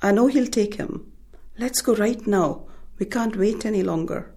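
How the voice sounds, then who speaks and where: A woman's voice: medium pitch, unhurried, warm tone, breathy edge, pitched above the performer's own voice. A woman reading aloud, voicing the young girl narrator as she earnestly urges and pleads. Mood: urging. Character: young girl factory worker, earnest and determined.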